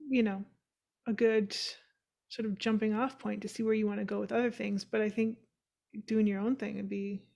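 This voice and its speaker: A woman hosting a casual podcast chat over a video call, chatty, encouraging and quick to laugh. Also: medium pitch, little pitch movement, gravelly, a little mellow. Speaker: podcast host.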